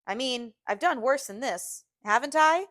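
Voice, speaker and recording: Teacher reading a novel to her class, woman, slightly high voice, dry close sound. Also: expressive, a little slow, a bit bright, dry recording. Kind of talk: audiobook reading aloud.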